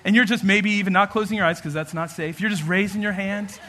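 A man preaching a sermon as pastor, animated and humorous, acting out everyday scenes. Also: sits high, quick pace.

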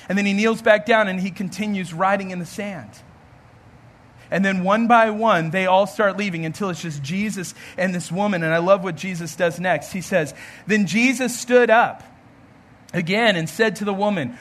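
A man's voice: sits high, moderate pace, fairly bright tone. A man, a pastor, giving an earnest storytelling sermon and acting out the voices in the story.

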